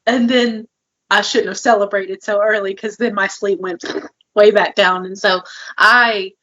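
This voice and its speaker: A woman's voice: medium pitch, fairly even intonation, unhurried, sharp tone, lo-fi sound. A woman co-hosting a podcast, talking candidly and chattily. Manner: candid and chatty, with small laughs. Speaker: podcast co-host. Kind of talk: casual chat.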